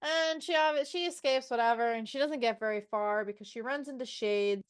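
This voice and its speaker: A woman's voice: fairly high pitch, fairly quick, clean tone. A woman co-hosting a book podcast in casual chat, sassy and swearing freely as she mocks the characters and reads passages aloud. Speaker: podcast co-host.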